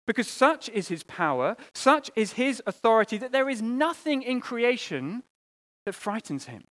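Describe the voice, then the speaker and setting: A man preaching a sermon, earnest, often repeating words and swinging between loud appeals and quiet, hushed lines. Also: very high-pitched, very animated, moderate pace.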